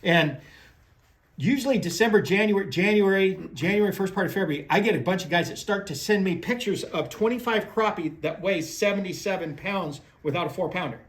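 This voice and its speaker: A man's voice: high voice, animated, fairly quick. A man talks casually about fishing tackle and tactics. He rambles in a folksy way, trailing off and restarting mid-sentence as he tells stories from his guiding days. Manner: rambling storyteller, many restarts, folksy phrasing. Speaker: fishing guide and tackle presenter. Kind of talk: casual talk on crappie fishing.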